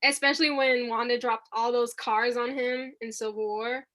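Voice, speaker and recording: A young woman with a fairly high, bright, forceful voice co-hosts a podcast. She talks in casual slang and laughs often. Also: fairly even intonation, normal speed. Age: young adult. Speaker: podcast co-host. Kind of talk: casual chat.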